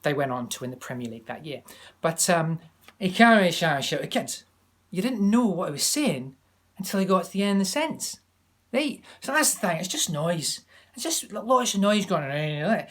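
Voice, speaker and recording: A man vlogging from home, giving a chatty, animated accent tutorial that wanders into asides. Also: high-pitched, breathy edge. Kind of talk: casual to-camera tutorial. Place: home, during lockdown.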